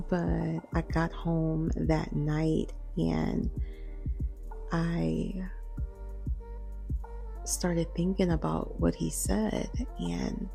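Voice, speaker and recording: Slow, hushed, gravelly woman in her forties. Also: deep voice, soft background music. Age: 40s. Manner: hushed, half-whispering, slow and reflective. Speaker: podcast host. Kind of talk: late-night solo podcast talk. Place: home at night.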